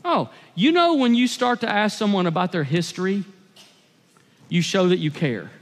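A man preaches from the pulpit in a conversational, emphatic way, circling back to repeat his phrases. His voice sits very high. It rings out with the long echo of a big church hall. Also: expressive, moderate pace. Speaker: pastor. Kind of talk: sermon.

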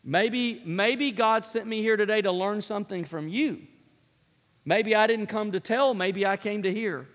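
A man with a high voice delivers a sermon as a pastor, pressing his points home by repeating short phrases. His words ring out with a long reverb from the hall around him. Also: measured pace, fairly bright tone. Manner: emphatic preaching, repeating key phrases.

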